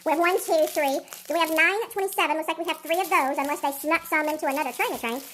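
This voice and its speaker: A woman's voice: high voice, fast talker, a bit bright, a little hiss or hum. Sped-up chipmunk woman vlogger. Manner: chatty, counts aloud, self-teasing. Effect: sped-up chipmunk playback. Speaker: diamond painting vlogger. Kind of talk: casual unboxing chat.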